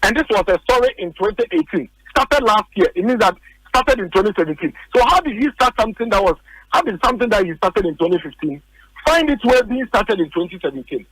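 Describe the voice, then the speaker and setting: A man's voice: high-pitched, sing-song, quick pace, fairly bright tone, dry recording, rough recording. A man with a Ghanaian English accent arguing politics on the radio, emphatic and repetitive, firing off rhetorical questions. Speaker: political commentator. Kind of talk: heated political argument on radio.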